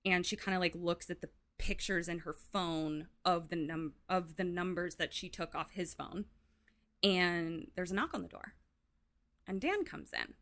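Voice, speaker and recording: A woman co-hosting a podcast, casually retelling a film plot with lots of "like" and quick acted-out quotes. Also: fairly low pitch, fairly bright tone. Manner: chatty, heavy use of "like", acts out quotes. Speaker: podcast co-host.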